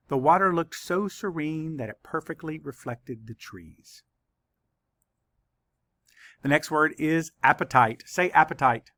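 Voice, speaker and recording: A man teaching a spelling lesson to children, spelling words out letter by letter in a patient, deliberate way. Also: fairly high pitch, creaky, pushed and bright, no room sound.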